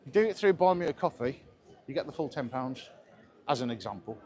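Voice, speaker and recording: A travel vlogger live-streams from a handheld camera while walking outdoors along busy resort streets, chatting enthusiastically as he tours. His voice is medium-pitched, animated and brisk, with a slightly mellow quality.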